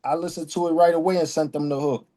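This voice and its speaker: A man's voice: on the high side, fairly even intonation, fast, warm tone. A man, a rapper, telling a story in an easygoing way during a casual interview chat. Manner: easygoing storytelling, acts out quoted texts.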